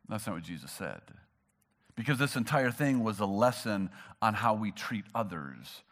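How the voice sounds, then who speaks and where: A man preaching a sermon, animated and emphatic, acting out the people he quotes. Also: medium pitch. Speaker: pastor.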